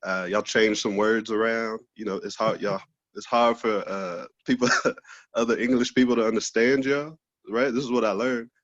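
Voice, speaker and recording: A man's voice: on the low side, steady tone, normal speed, fairly bright tone, dry recording, lo-fi sound. A man doing a loose, profane stand-up set over a video call, laughing at his own jokes. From Texas, USA. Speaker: stand-up comedian.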